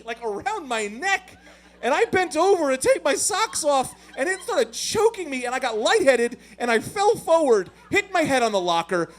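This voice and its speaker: A man doing a stand-up comedy set, telling self-deprecating stories in an animated way with loud swings. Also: extremely high pitch.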